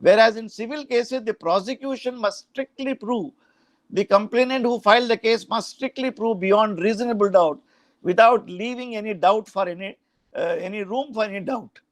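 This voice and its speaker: High-voiced Indian man lecturing on law. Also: normal speed, no room sound. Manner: explanatory, frequent "huh?" and "uh" asides, mixes in Hindi phrases. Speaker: law professor.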